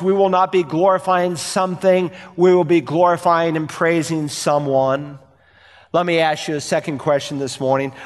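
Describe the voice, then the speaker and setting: Preaching pastor in a reverberant hall. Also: male voice, on the high side. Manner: earnest preaching with rhetorical questions and emphatic repetition. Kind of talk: sermon.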